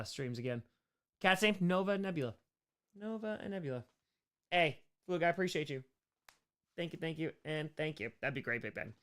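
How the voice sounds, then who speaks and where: This man's voice is fairly high, sharp, clear, and resonant as he hosts a casual live-stream Q&A. He rambles cheerfully through chat questions, thanking viewers by name, his voice a bit tired after hours on air.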